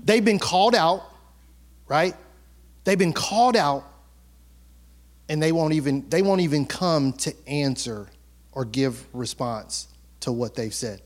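A man's voice: a little high, measured pace, pauses often. A male pastor preaching a sermon, reading scripture aloud and breaking into humorous, colloquial asides that act out the people in the story. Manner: animated, acts out characters in colloquial asides; reads scripture aloud then comments with humor.

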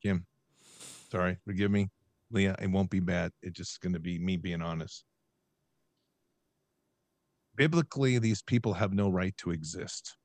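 Man, podcast host, low-pitched, emphatic ranting, dry close sound. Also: moderate pace, darkish tone, no echo. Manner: ranting, emphatic, reads scripture aloud. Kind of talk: impassioned podcast talk.

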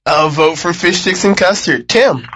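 Bright high-voiced male podcast host. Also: lively intonation, unhurried, slight background noise. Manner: leads the votes, muses aloud. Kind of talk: casual panel chat.

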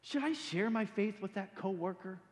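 Male pastor, high and very expressive voice, joking sermon delivery with stuttered restarts, reverberant church hall. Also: moderate pace. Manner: animated, joking, repeats words when starting sentences.

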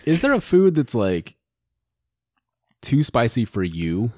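A man's voice: medium pitch, very animated, slow pace, warm tone, dry recording, clean studio sound. A man hosting a podcast, talking loosely and joking with plenty of swearing. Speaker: podcast host. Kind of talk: casual chat.

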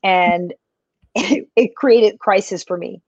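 A woman's voice: medium pitch, slow pace, no room sound. Chatty woman health coach, lo-fi sound. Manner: chatty, animated storyteller. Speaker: health coach and business owner. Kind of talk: live podcast interview. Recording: dry, dull lo-fi sound.

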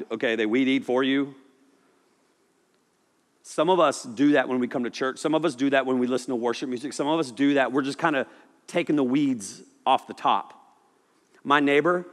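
A man preaching a sermon in a loose, animated, conversational way, often acting out voices. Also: mid-range voice. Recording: echoey hall reverb.

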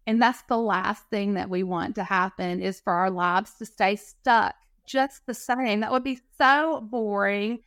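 A woman telling stories as a podcast guest in casual talk, animated and acting out quoted dialogue. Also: medium pitch, unhurried, few pauses, no room sound, clean studio sound. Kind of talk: casual storytelling interview.

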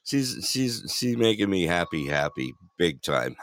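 A man's voice: low voice, very animated, a little slow, a bit bright. A man hosting a casual talk show, upbeat, greeting callers and laughing often. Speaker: host. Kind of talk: casual talk radio chat.

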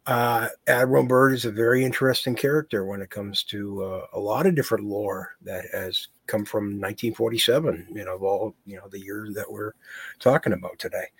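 A man's voice: fairly low pitch, steady tone, husky, no room sound. Man talking in a dry, close sound. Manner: measured, with fillers like "you know" and "uh". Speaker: podcast co-host. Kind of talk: casual conversational chat.

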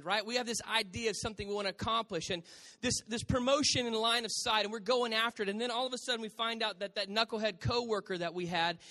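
Pastor, man, higher voice, lively stage preaching with crowd asides, handheld mic. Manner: animated preaching with audience asides. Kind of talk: sermon. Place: church stage.

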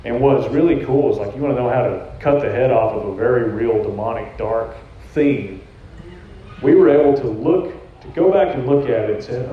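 A man's voice: mid-range voice, normal speed, a little hiss or hum. A man, a church prophetic team leader, giving a personal testimony in an earnest, conversational storytelling way into a handheld mic in a church room. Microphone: handheld microphone. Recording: echoey, dull-sounding church room recording.

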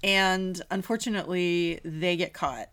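A woman co-hosting a podcast in casual chat, animated and exclamatory, laughing easily and often clearing her throat. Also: fairly low pitch, measured pace. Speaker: podcast co-host.

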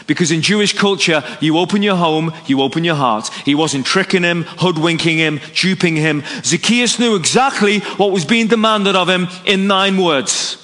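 A man's voice: fairly high pitch, moderate pace, hardly any pauses. A man preaching an evangelistic sermon, telling a story and acting out its dialogue. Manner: animated, story-driven, acts out dialogue. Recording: long hall reverb.

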